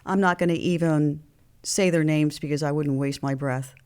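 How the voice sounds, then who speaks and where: A woman's voice: low voice, moderate pace, clear, resonant tone. A woman in her sixties, a guest telling candid personal stories in an interview, acting out the phone calls she recounts. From Mexican heritage. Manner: animated, acts out phone calls in quoted voices.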